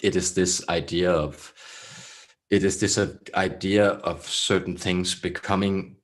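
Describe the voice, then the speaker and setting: A throaty, very low voice of a serene alien collective, as a man channels it, speaking as "we". The delivery is slow and solemn, with long pauses between phrases. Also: fairly even intonation. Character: collective alien consciousness speaking as a group, calm and benevolent. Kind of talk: channeled spiritual message.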